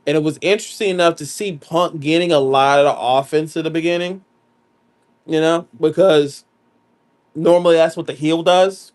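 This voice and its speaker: A man with a somewhat high voice co-hosting a casual podcast. He walks through the action in a lively storytelling way, acting out little bits and chiming in quickly with agreement. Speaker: podcast co-host. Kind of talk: casual wrestling podcast chat.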